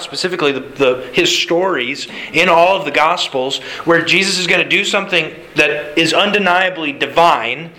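Bright-voiced man preaching a sermon. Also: fairly high pitch, a little hiss or hum, rough recording. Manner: conversational preaching with rhetorical questions. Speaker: pastor.

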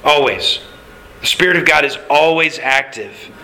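A man's voice: a little high, expressive, unhurried, sharp tone, poor audio. A man preaching a sermon in a conversational way, with fillers and asides. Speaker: pastor.

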